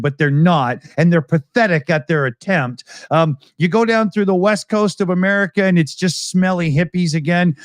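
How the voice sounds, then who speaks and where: A man's voice: a little high, smooth, no echo. A Canadian man co-hosting a casual online chat show, rambling and joking with frequent laughs. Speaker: podcast co-host.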